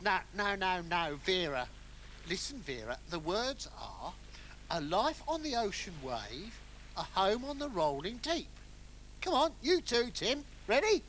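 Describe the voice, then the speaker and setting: In a kids' puppet comedy, a performer voices a luckless, jumpy castaway lost at sea whose mood of comic panic swings between calm and wailing. The mid-range voice is unhurried, with a little background noise.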